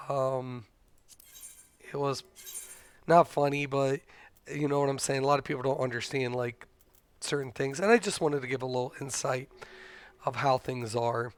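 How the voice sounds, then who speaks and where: A middle-aged man and father, casually telling a story to his stream in a blunt, animated way, swearing freely. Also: medium pitch, clear, resonant tone.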